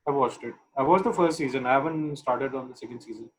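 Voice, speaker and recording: A man's voice: mid-range voice, fast, crowd noise, low-quality recording. A man co-hosting a podcast, teasing and bantering casually with the others. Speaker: podcast co-host. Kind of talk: casual chat.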